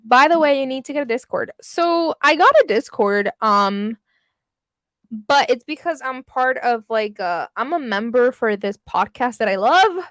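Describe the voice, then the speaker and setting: A woman's voice: fairly high pitch, lively intonation, measured pace, a bit bright, dry recording, studio quality. Chatty young woman streaming from home. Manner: chatty, laughs often, swears casually. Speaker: livestream host reading with chat. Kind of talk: casual chat.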